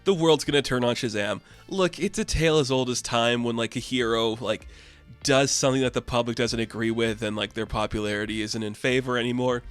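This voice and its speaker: A man's voice: medium pitch, steady tone, brisk, a bit bright, clean tone, soft background music. A man giving a casual, enthusiastic comic book review, chatty and full of "like". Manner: chatty, enthusiastic, says "like" often.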